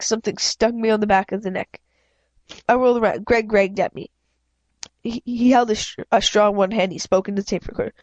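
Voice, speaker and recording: Here a woman with a steady mid-range voice reads from a children's novel told in first person, frequently tripping up and correcting herself. The sound is dry and lo-fi.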